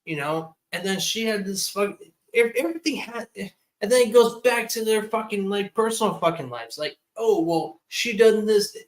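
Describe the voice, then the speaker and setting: A man's voice: high-pitched, animated, normal speed, rough recording. A drunk man in his twenties, a livestream guest, ranting heatedly and swearing constantly in casual chat. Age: 20s.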